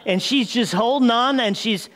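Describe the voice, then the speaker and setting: A man preaching a sermon as pastor, retelling the story with lively asides and calling the congregation "people.". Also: very high voice, normal speed, long reverb tail. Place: church sanctuary.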